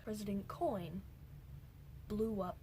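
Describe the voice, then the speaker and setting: A woman's voice: medium pitch, fairly even intonation, slow, mellow. Brief: young woman, casual vlog movie recap, rambling asides, faint background noise. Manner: rambling, jumps between points, drops into whispered asides. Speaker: movie reviewer.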